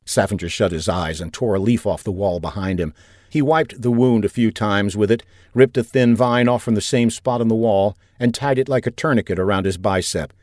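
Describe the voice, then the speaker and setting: Give me a man with a deeper voice reading an audiobook steadily, recorded dry and close. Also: a little fast, dry recording. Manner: steady, even storytelling. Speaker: audiobook narrator. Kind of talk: scripted narration.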